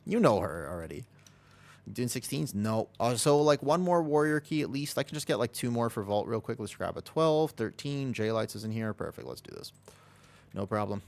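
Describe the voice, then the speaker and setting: A man's voice: on the low side, lively intonation, moderate pace, gravelly. A man streaming casually from home, rambling and joking about himself while reading his chat. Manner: rambling, self-deprecating, reads chat aloud. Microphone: desk microphone.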